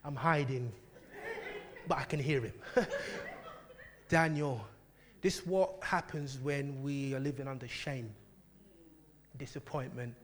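A man preaching a sermon, telling a personal story with lively laughter and frequent asides to the congregation. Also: mid-range voice, measured pace, pauses often. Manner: animated, laughing, keeps asking "do you know what I mean".

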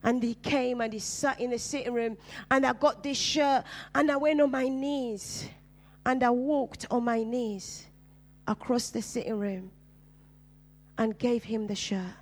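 A woman's voice: on the high side, fairly even intonation, a little slow. A woman from Uganda, preaching her personal testimony in an emphatic storytelling manner. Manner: storytelling, acts out dialogue, emphatic.

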